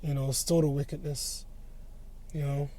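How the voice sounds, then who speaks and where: A male preacher teaching a scripture lesson in a steady tone, often tagging his points with "all right?". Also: a little high, moderate pace. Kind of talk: sermon lesson.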